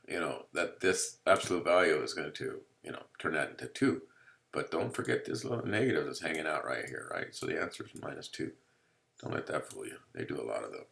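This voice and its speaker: A male math teacher records a casual, playful lecture at home, his low voice bright with a touch of vocal fry. He jokes around and keeps checking in with listeners, asking "you see?"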